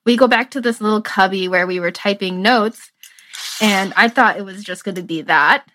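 A woman's voice: mid-range voice, moderate pace, fairly bright tone, no echo. A young woman in her twenties, a medical student, telling a personal story in an earnest, reflective way and laughing through its emotional moments. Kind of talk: casual conversational storytelling.

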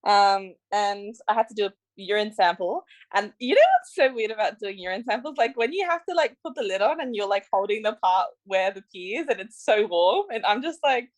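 A woman's voice: medium pitch, expressive, brisk, hardly any pauses. Candid woman rambling with friends. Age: 20s. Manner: rambling, candid, restarts sentences. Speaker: podcast co-host. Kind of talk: casual chat.

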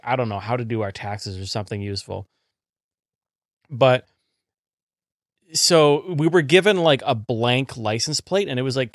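A man's voice: mid-range voice, a bit bright, no room sound, clean studio sound. A man, a podcast co-host, telling a story in casual chat and acting out what others said. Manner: storytelling, quoting people in put-on voices.

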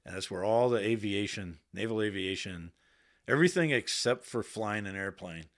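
A man with a fairly low voice tells his stories in a relaxed, unpolished way. He swears freely and sometimes raises his voice to act out what he or others said. He speaks as a guest in a podcast studio. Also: moderate pace. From Boston area. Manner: candid, swears freely, quotes himself in raised voice. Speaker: podcast guest, Navy veteran. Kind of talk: casual storytelling.

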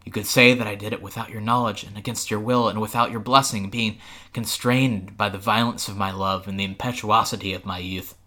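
A cold, arrogant young prince speaks slowly and placidly, as a man reading aloud gives him voice. His tone sits low and bright-edged, with a quiet menace. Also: steady tone. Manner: cool, placid, slow and quiet.

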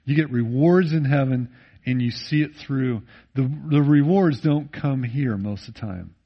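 Preacher man with a lo-fi sound. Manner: rises loud and emphatic, then drops low and intimate; slows down to read scripture. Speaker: pastor. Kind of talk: sermon. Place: church.

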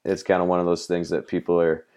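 A man's voice: low-pitched, monotone, fast talker, a little mellow, clear, resonant tone. A man from Canada, a band member guesting on an interview show, chatting casually, laid-back and often laughing.

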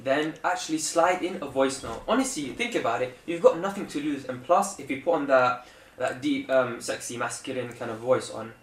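Loud laughing young man, roomy. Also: medium pitch, moderate pace. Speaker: podcast co-host. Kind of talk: casual chat. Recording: roomy echo, a bit far from the mic.

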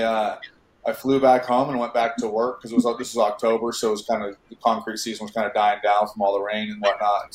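Rambling man telling stories in an echoey room. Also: on the low side. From Northern California. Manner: rambling storyteller, many fillers and restarts. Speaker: actor, interview guest. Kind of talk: casual storytelling interview.

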